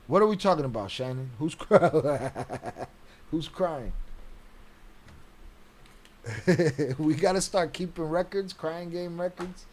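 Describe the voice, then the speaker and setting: A man's voice: on the high side, animated, slow pace, long pauses. Blunt profane male stream host. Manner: profane, blunt, laughs often. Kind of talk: casual live-stream commentary, reading chat.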